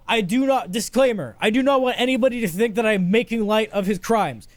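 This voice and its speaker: A man hosting a podcast in casual chat, high on weed, rambling and ranting with lots of swearing. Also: fairly quick, hardly any pauses, no echo. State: stoned. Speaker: podcast host.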